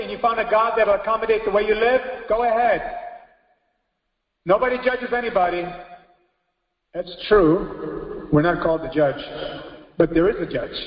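A pastor preaching a sermon with emphasis, breaking into exclamations of praise. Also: male voice, high-pitched. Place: church hall. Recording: echoey hall, dull lo-fi audio.

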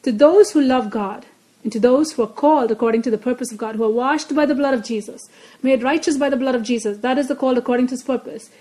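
A woman's voice: high voice, fast, dark tone, low-quality recording. A woman preaching a Bible lesson, earnest and repeating her key phrases for emphasis. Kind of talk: Bible teaching.

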